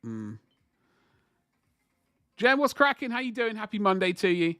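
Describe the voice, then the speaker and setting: Man, casual livestream chat, slightly high voice, dry close sound, rambling and chatty. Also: huge pitch swings, measured pace, bright, forceful tone, clear, resonant tone, dry recording. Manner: chatty, rambling, talks to chat while working. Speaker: livestream host painting miniatures.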